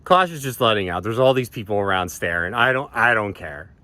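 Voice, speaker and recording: A man's voice: on the low side, lively intonation, fairly quick, sharp tone, no echo. A man telling a personal story in a casual, rambling way, swearing freely and often restarting his sentences. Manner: rambling, profane, many restarts and ums. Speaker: vlogger.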